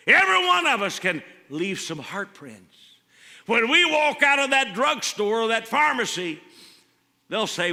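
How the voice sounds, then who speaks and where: A man's voice: very high-pitched, very animated, measured pace, gravelly, pushed and bright. Man, pastor, sermon, storytelling, fervent, long church reverb. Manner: storytelling, swelling to fervent calls. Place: church sanctuary.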